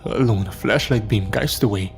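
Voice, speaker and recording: A man narrating a scripted horror story in a dramatic, measured way. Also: on the low side, gravelly. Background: soft background music.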